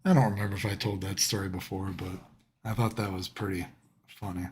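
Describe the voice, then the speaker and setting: Animated young man telling a story. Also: low voice, fairly quick, a little hiss or hum. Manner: animated, laughs often through his telling, casual swearing. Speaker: streamer. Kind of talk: casual storytelling on a live stream.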